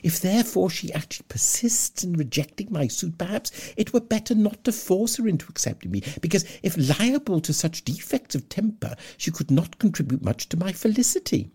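A woman's voice: lowish voice, sing-song, brisk, hardly any pauses, warm tone, breathy edge, pitched above the performer's own voice, heavily acted. A woman voicing a pompous, self-important male clergyman with a prim, formal manner.

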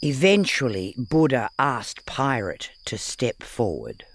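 Man, audiobook narrator, playful storytelling, animated pitch, dry sound. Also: takes it slowly, dry recording. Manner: expressive, playful reading.

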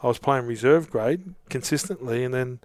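A middle-aged Australian man, appearing as an interview guest, tells long, rambling casual stories full of restarts. His voice sits in the mid range, he speaks at a normal speed, and there's no echo.

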